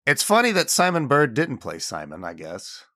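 A man's voice: medium pitch, huge pitch swings, moderate pace, sharp tone. A man hosting a casual podcast, joking playfully with his friends. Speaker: podcast host.

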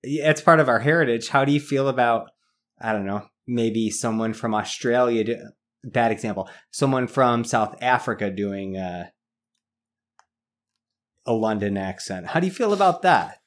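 A man's voice: medium pitch, moderate pace, a bit bright. A man co-hosting a casual chat, needling the others with probing questions. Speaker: podcast co-host.

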